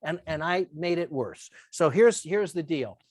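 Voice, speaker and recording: A man, a podcast guest, telling an animated anecdote and repeating words as he gets excited. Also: fairly high pitch, measured pace, no echo, clean studio sound. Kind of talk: storytelling anecdote.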